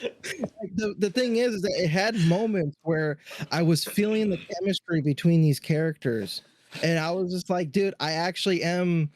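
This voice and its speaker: A man with a fairly high voice, recorded dry and close, chats about a movie as a podcast co-host. He rambles, trails off, and circles back to his point. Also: normal speed, a little mellow, no echo. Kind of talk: casual movie review chat.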